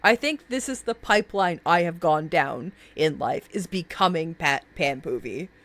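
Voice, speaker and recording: Woman, live streamer, lively swooping pitch, gushing, swears a lot, laughs often. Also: moderate pace. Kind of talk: casual live-stream chat.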